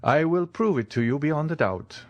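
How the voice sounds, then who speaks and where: The Count of Monte Cristo, a man reading a suave, measured nobleman. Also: on the high side, lively intonation, no echo, dull audio, pitched above the performer's own voice. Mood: courteous. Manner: smooth, measured, courteous. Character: suave, commanding male count, courteous and knowing.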